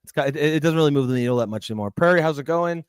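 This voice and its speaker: A man's voice: fairly high pitch, very fast, clean tone, no echo. A man co-hosting a casual political chat show, agreeable and hesitant, often restarting his sentences. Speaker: podcast co-host.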